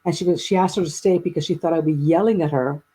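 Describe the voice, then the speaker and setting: Mellow, husky woman telling a story. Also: fairly low pitch, fast talker, rough recording. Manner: rambling, with many restarts and quoted dialogue. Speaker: guest. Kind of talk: personal storytelling in a conversation.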